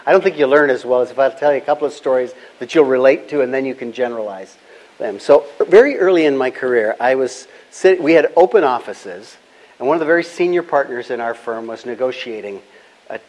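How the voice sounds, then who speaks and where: Older guy, calm and measured, telling business stories in an interview. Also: mid-range voice, rough recording. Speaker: guest, business founder. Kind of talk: storytelling interview answers.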